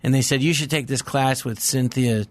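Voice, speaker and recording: A man's voice: mid-range voice, steady tone, moderate pace, no room sound. A man speaking as a comedy guest in a casual chat, repeating himself and restarting often.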